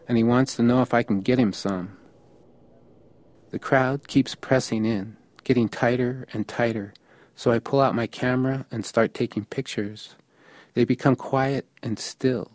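A man's voice: medium pitch, darkish tone, no room sound. A man from the United States narrating a first-person story in a matter-of-fact, observational way.

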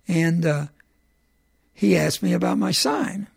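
A middle-aged man telling stories in the first person about walking across the country, in a plainspoken, conversational way with halting restarts. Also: high voice, gravelly, slightly rough, no room sound, clean studio sound.

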